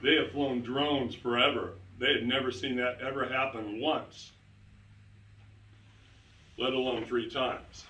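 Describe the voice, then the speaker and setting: A man's voice: medium pitch, steady tone, a little slow, pauses often, sharp tone, a little hiss or hum. A man giving a public lecture, telling stories to an audience and repeating key phrases for emphasis. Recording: roomy sound, distant from the mic.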